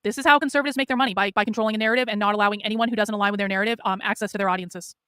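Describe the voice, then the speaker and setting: A woman political commentator ranting and scolding on a livestream, yelling and swearing at her audience. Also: medium pitch, fairly even intonation, racing, clear, resonant tone, no room sound, studio quality. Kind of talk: livestream rant.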